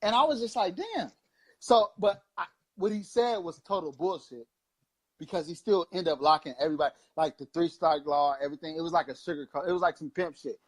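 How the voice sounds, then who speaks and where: A man's voice: a little high, a little fast. A man in his thirties from Long Beach, California, co-hosting a casual political chat show with impassioned, profane, rambling preaching. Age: 30s. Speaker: co-host.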